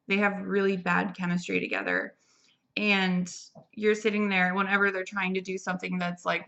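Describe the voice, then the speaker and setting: A young woman reviews a film in a loose, chatty way, with lots of fillers and restarts. Her voice sits low and carries a gravelly fry, with a tense, bright edge. The recording sounds dull and lo-fi. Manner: rambling, chatty, full of "like" and restarts. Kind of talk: casual spoken movie review.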